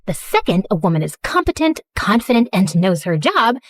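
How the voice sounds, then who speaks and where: A woman voicing a prickly, defensive young woman on a mission, in an animated story. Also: medium pitch, moderate pace, no room sound. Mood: ranting. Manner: snappy, defensive.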